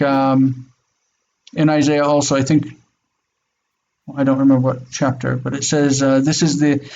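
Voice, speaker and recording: A man's voice: a little high, gravelly, a little mellow, rough recording. A man teaching a Hebrew class, patiently drilling pronunciation and repeating words. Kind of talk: slow online class teaching.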